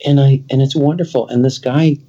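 A man's voice: mid-range voice, steady tone, brisk, warm tone, highs cut off. A man as a guest in an interview, talking in an earnest storytelling way and acting out quoted dialogue. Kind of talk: conversational interview.

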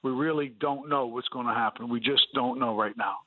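A man's voice: medium pitch, steady tone, moderate pace, no echo. A man earnestly telling his personal testimony as a guest in a radio interview, with fillers and restarts. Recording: dry, phone-like radio line.

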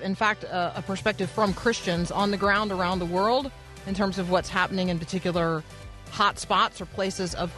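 A woman hosting a morning radio talk show in a chatty way. She drops quick, self-deprecating asides between introductions, with faint music playing underneath. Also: fairly low pitch, a bit bright.

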